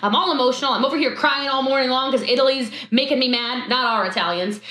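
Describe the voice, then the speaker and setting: A woman with a high, bright voice gives an emphatic motivational talk to her sales team. She hammers words through repetition and leaps into high exclamations. The room around her rings with echo. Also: fast.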